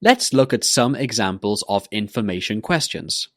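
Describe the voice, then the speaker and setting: A man teaching an English pronunciation lesson, modelling words and questions slowly and carefully for listeners to repeat. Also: lowish voice, sing-song, fairly bright tone, no room sound, clean studio sound.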